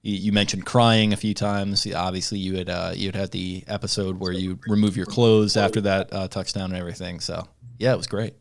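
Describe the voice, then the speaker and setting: A man's voice: low voice, level tone, fairly quick, creaky, hardly any pauses, dry recording, studio quality. A young man co-hosting a casual sports podcast, rambling with lots of fillers in an easygoing way. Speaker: podcast co-host.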